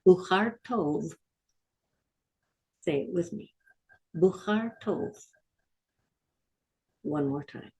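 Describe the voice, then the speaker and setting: A middle-aged woman leads a Hebrew vocabulary lesson, repeating each word with patient call-and-repeat drills. Her voice sits low and mellow, and she speaks slowly and deliberately for learners to follow. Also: expressive. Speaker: Hebrew teacher.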